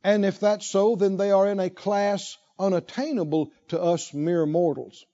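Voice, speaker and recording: A man's voice: high voice, fairly even intonation, moderate pace, dark tone, lo-fi sound. A man preaching a sermon, asking rhetorical questions and repeating lines for emphasis. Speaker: pastor.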